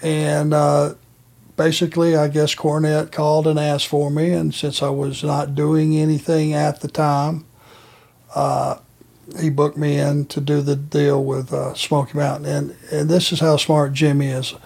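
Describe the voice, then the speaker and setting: Older guy, gravelly husky voice, kinda flat, chatting about old wrestling days. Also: on the high side, measured pace. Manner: relaxed storytelling with many fillers. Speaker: co-host, retired wrestler. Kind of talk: casual podcast chat.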